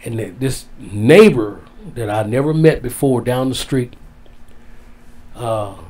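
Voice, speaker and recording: A man's voice: medium pitch, animated, slow pace, darkish tone. Older man telling an emotional story. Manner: rambling, repeats phrases, Southern-style casual grammar. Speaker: interview guest.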